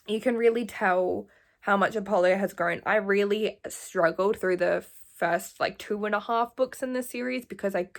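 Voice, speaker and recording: A woman of about nineteen chatting casually in a reading vlog at home, gushing and emotional, often laughing. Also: lowish voice. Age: late teens. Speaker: vlogger.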